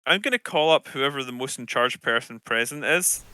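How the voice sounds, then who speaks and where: A man playing in a tabletop game, chatting casually and thinking out loud. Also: medium pitch, moderate pace, slight background noise.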